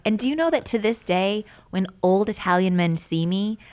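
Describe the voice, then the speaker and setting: A woman's voice: medium pitch, normal speed. A woman in her thirties, a mother and podcast co-host, chatting casually and telling stories with lots of "like" and acted-out quotes. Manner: animated storyteller, acts out quotes, frequent "like". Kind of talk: casual chat.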